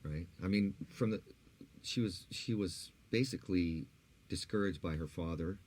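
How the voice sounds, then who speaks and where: A man co-hosting a podcast in casual chat, animated and teasing. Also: low-pitched, normal speed. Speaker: podcast co-host.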